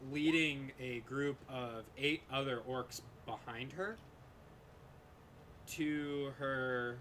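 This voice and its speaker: A man narrating as game master of a tabletop game, unhurried and hesitant with many fillers. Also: medium pitch, a bit bright, a little hiss or hum.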